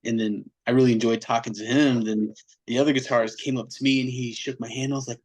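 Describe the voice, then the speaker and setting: A man's voice: mid-range voice, fast talker, poor audio. A man, a metal band vocalist, chatting casually as a podcast guest and telling a story with lots of slang, acting out what people said. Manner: animated, slangy, acts out quotes in other voices.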